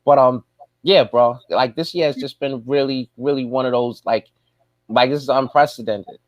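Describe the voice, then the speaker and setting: A man's voice: medium pitch, fairly even intonation, normal speed, no echo, dull audio. A man talking as a guest on a casual show, in a laid-back, rambling way, full of "man" and "you know". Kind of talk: casual chat.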